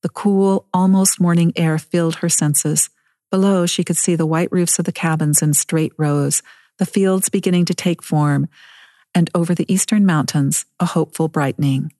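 Female author reading aloud, gentle pace, warm lowish voice, dry sound. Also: fairly even intonation, normal speed, no room sound. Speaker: author reading her book. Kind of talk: read-aloud narration.

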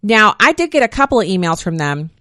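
A woman's voice: medium pitch, big pitch swings, a little fast, pushed and bright, no echo. Woman, opinionated talk-show host, close dry mic, mid voice, snarky asides. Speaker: podcast host. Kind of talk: political commentary podcast.

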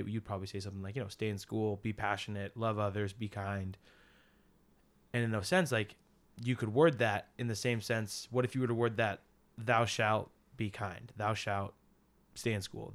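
A young man co-hosting a casual faith podcast, explaining at length in an earnest, rambling way with many fillers. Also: fairly low pitch. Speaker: podcast co-host and teacher.

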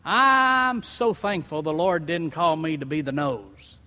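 A male pastor preaching a sermon to his church, emphatic and repeating key phrases, slowing down to stress words. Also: on the high side, sing-song, sharp tone, in a large hall. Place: church sanctuary.

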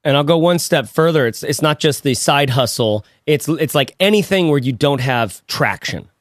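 A man's voice: fairly high pitch, animated, normal speed, no echo, clean studio sound. A man co-hosting a podcast in casual chat, jokey and rambling, often stumbling over his words. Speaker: podcast co-host.

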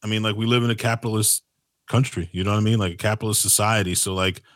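A man with a lowish voice talks quickly and rambles through his thoughts on a podcast. He leans on filler phrases as he hosts the conversation. The sound is dry and close to the mic. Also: fairly even intonation, fairly bright tone, no room sound. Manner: rambling, leans on "like" and "you know what I mean".

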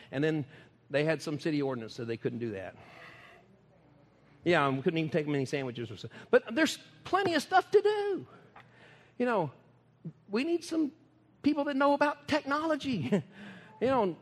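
A man's voice: sits high, in a large hall. A man, preaching in a folksy, emphatic way and laughing often. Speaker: ministry speaker. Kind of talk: preaching talk.

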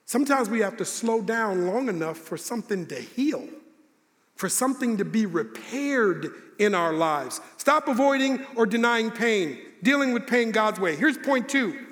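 Man, pastor, sermon, slow emphatic repeats, long hall reverb. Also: high-pitched, animated, a bit bright. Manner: preaching with slow emphatic repetition.

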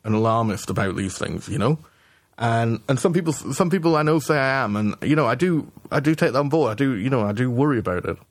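A man co-hosting a casual political podcast, talking in halting restarts and swearing as he builds his argument. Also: medium pitch, lively intonation, no echo. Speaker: podcast co-host.

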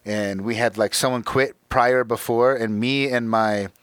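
A man's voice: mid-range voice, steady tone, measured pace, a bit bright, clean tone, dry recording. Slangy guy, dry sound. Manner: loose and slangy, says dude and like often. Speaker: podcast guest. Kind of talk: casual chat.

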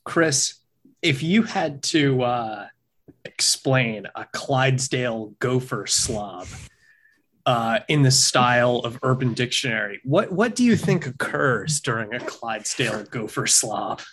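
A man's voice: medium pitch, expressive, a little slow, fairly bright tone, a little hiss or hum. A man hosting a casual comedic chat, asking teasing questions.

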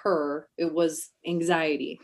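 A woman hosting a casual podcast conversation, supportive and quick to agree. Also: low voice, level tone. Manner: supportive, lots of agreeing backchannels. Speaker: podcast host.

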